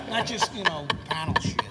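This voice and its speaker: A man bantering on a convention panel, swearing and teasing, laughing often. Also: high voice. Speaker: comics writer and panelist. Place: large convention hall with audience. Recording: loud crowd in a hall.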